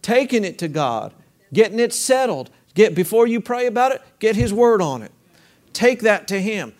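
A man's voice: high voice, sing-song, moderate pace, darkish tone. A man preaching a sermon as pastor, talking conversationally with rhetorical questions and leading the congregation in call-and-response.

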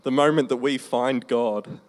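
A man preaching a testimony sermon in a conversational storytelling way, slowing down for emphasis. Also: medium pitch, steady tone. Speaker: preacher sharing his testimony.

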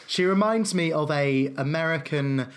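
Male co-host, higher register, eager, halting, casual film chat. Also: clear, resonant tone. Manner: enthusiastic, hesitant with fillers. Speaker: podcast co-host.

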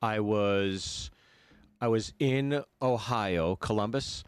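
A man in his thirties speaks in a low voice, relaxed and teasing as he co-hosts a casual podcast. The sound is dry and close. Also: slow, smooth, dry recording. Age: 30s. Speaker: podcast co-host. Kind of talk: casual chat.

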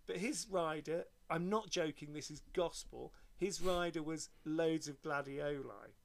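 A man's voice: a little high, a little slow, creaky, noisy background. An older man telling rambling anecdotes in casual chat, cursing freely. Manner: lively rambling storyteller, swears freely.

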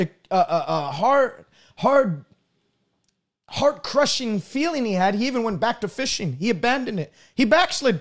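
A man preaching a sermon emphatically, swinging between loud high passages and low drawn-out ones.

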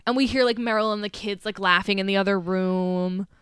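A woman's voice: medium pitch, steady tone, brisk, a bit bright, clear, resonant tone, no echo, studio quality. A young woman co-hosting a podcast, casually retelling movie scenes with lots of swearing and quoted lines. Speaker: podcast co-host.

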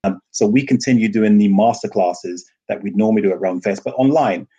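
A man with a low, slightly husky voice, speaking as a guest in a relaxed interview. He tells lively stories and laughs often as he talks. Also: brisk, lo-fi sound. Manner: animated storyteller, laughs often. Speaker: rum festival founder, guest. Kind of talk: casual interview talk.

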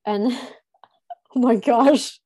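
Woman cohost kinda high voice, animated, laughs a lot, recapping an episode off her notes. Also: very slow, breathy edge, no room sound. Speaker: podcast co-host. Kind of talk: casual chat recapping a reality show.

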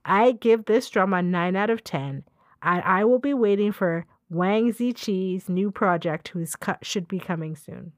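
A woman's voice: medium pitch, a little slow, no room sound, studio quality. A woman co-hosting a podcast in casual chat, enthusiastic and gushing. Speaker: podcast co-host.

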